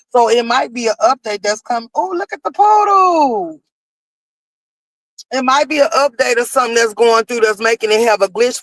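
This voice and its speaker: A woman's voice: fairly high pitch, a bit bright, no room sound, low-quality recording. Woman, blunt livestream commentary, answers chat, dry close mic.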